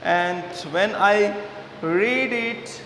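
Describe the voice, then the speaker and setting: Slow, halting Indian English teacher. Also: male voice, high-pitched, pushed and bright. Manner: slow, halting, many "uh" fillers, repeats words. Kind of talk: classroom video lesson. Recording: echoey room with faint background noise.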